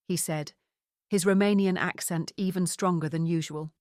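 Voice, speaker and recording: A woman narrating a mystery novel in an even, measured voice. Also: on the low side, dry recording, clean studio sound. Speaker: audiobook narrator. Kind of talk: scripted narration.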